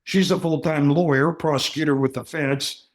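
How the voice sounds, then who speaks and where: Guest, man in his 60s, animated raconteur, does voices in his stories. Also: fairly high pitch, moderate pace. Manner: jokey, animated storyteller acting out quoted voices. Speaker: podcast guest. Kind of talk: casual storytelling.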